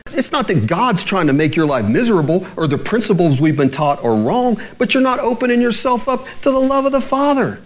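An earnest man preaching a sermon, his voice sitting a little high and swinging widely in pitch. He slows down and drops low when he reads scripture, and he laughs lightly between points. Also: very animated. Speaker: pastor.

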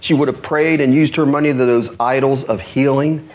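A man's voice: medium pitch, steady tone, normal speed, darkish tone, a little hiss or hum. A middle-aged man preaching a sermon, telling the story with acted-out voices and rising intensity. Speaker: pastor.

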